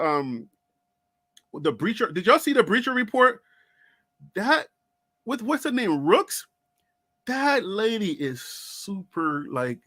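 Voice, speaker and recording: A man with a high voice hosts a sports fan channel in a casual live-stream chat. He speaks animatedly, laughs often and calls out to his viewers by name. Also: fairly bright tone.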